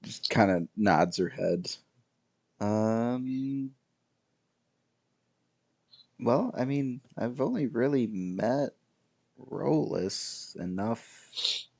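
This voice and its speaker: A player in a tabletop game speaks softly and hesitantly. The answers come very slowly and trail off between fillers. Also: mid-range voice, expressive, creaky.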